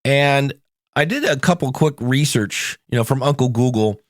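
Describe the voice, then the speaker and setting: A Midwestern American accent marks this Ohio-born podcast coach and host as he talks informally and cheerfully about accents. His voice is mid-range at a normal speed, captured at studio quality without echo.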